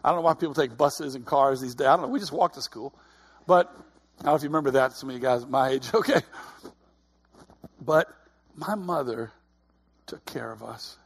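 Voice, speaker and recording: A man's voice: mid-range voice, fairly quick, pauses often. A middle-aged man giving a conversational sermon, earnest, often repeating his words. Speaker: preacher.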